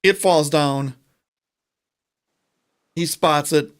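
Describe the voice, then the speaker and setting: A man with a somewhat higher voice tells a long joke on a casual podcast. He acts out the characters' lines with lively, animated storytelling. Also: drawn-out words, clean tone. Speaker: podcast co-host. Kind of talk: casual chat, telling a joke.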